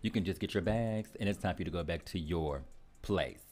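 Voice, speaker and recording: A man's voice: sits low, brisk, soft background music. A man on a radio show telling a gossip story, laughing often and acting out what people said. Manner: expressive, laughs often, acts out dialogue.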